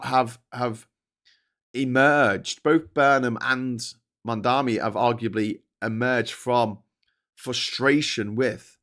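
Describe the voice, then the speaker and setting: A man's voice: fairly low pitch, a bit bright. Guy ranting on a political livestream, sweary, sarcastic, goes off on tangents. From England. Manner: rambling and sweary, with sarcastic asides and mocking put-on voices. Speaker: political commentary host.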